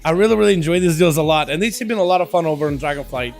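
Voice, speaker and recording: A man with a hoarse, scratchy voice, hosting a live game stream, chatting with viewers and calling matches play-by-play. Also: fairly high pitch, animated, very fast, soft background music. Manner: friendly, addresses chat as boys.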